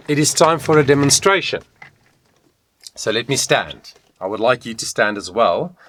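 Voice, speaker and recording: A man teaching a video voice lesson, talking straight to the viewer in an encouraging, animated way. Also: lowish voice, no room sound. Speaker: vocal coach.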